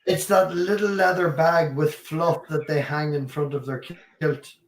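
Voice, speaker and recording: A man's voice: on the high side, steady tone, unhurried, echoey room, slight background noise. A man with a Northern Irish accent, teasing and joking crudely in casual group banter. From Northern Ireland.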